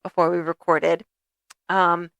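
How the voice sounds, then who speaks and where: A woman's voice: lowish voice, level tone, slow, creaky, a bit bright, no room sound, muffled recording. A young woman co-hosting a podcast in casual chat, playful and teasing as she tells stories. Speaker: podcast co-host.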